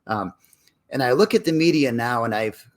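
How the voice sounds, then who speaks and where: A man's voice: mid-range voice, lively intonation, moderate pace. A man co-hosting a casual book club discussion, conversational and storytelling, acting out quoted headlines now and then.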